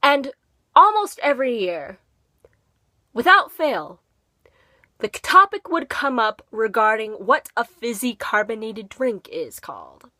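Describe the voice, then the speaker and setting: Teen girl, faint Minnesotan accent, chatty rambling vlogger, very bright tone. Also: fairly high pitch, sing-song, slow pace, no room sound. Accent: slight Minnesotan. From Minnesota, USA. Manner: rambling, filler-heavy, chatty. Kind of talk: casual talking-to-camera vlog.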